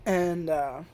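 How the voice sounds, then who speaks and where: A woman's voice: on the low side, vocal fry, slight background noise. A young woman casually reviewing an anime, rambling and swearing, with lots of "like" fillers. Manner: rambling and profane, heavy use of filler "like".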